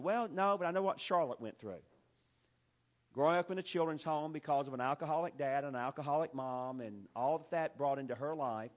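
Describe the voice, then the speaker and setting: A man preaching a sermon in an earnest, emphatic way that builds to loud peaks. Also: a little high, fairly quick. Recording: dull lo-fi recording.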